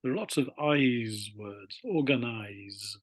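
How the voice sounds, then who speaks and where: A man explaining spelling and vocabulary differences in a chatty, rambling lesson, slowing down to spell words out. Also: medium pitch, breathy edge, no room sound. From Britain. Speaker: English teacher. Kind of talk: casual classroom explanation.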